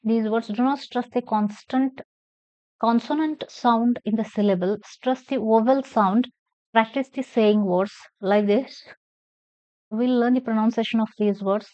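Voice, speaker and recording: A woman's voice: on the high side, a little mellow, dry recording, muffled recording. A woman teaching an English lesson, spelling words letter by letter and stressing syllables as she reads aloud.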